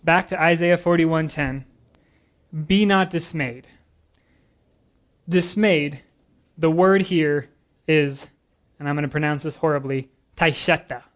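A man preaches a sermon, reading scripture and explaining it in earnest. His voice sits a little high for a man. He sounds a bit nervous but lively, and he breaks in with casual jokes between readings. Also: unhurried. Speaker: guest preacher.

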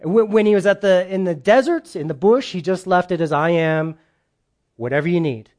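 A man's voice: sits high, normal speed, a little mellow. A man who is a pastor, preaching an earnest, conversational sermon and checking in with his listeners.

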